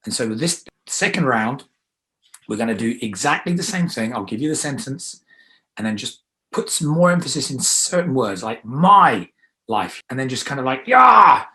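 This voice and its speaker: A man coaching a guided affirmation exercise, energetic and emphatic, coaxing the listener to repeat after him. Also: mid-range voice, brisk.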